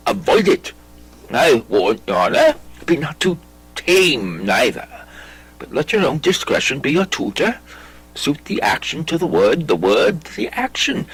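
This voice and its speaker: A man reading a classic play aloud, voicing a brooding, intense young prince with lively theatrical delivery. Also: high-pitched, breathy edge, no echo, exaggerated voice, rough recording. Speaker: audiobook reader.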